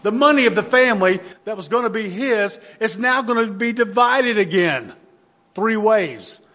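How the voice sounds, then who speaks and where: A man's voice: a little high, a bit bright. A man pastor preaching a sermon in an earnest, emphatic manner, often restarting his phrases.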